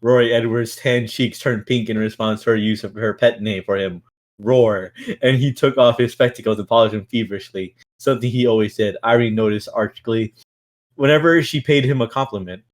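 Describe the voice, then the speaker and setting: A man's voice: mid-range voice, fairly even intonation, normal speed. A man reading a novel aloud on a stream in a casual way, with stumbles, restarts and stifled laughs.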